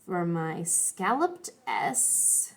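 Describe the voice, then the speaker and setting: A woman's voice: lowish voice, sing-song, extremely slow, vocal fry. A young adult woman teaching an art lesson, chatty and encouraging, thinking aloud as she draws and colors. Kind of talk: classroom art lesson video.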